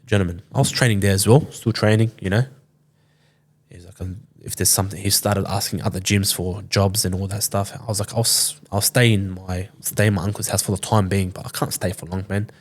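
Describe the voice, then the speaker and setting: A deep-voiced Sydney man in his twenties keeps a steady tone and brisk pace as a podcast guest. His storytelling is loose, full of swearing, and he voices what other people said.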